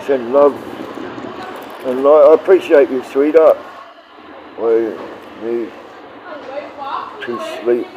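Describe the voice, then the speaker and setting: A man's voice: mid-range voice, slow, long pauses, muffled recording, noisy background. A man with an Australian accent streaming live, rambling bluntly and swearing often as he talks to his chat.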